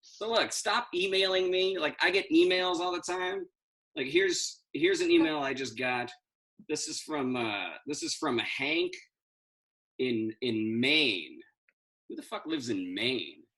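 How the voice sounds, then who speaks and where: A man's voice: on the high side, expressive, a little slow, pushed and bright. A man playing Superman as a cranky, profane stand-up comic ranting about quarantine. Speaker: stand-up comedian in costume. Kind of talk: in-character stand-up.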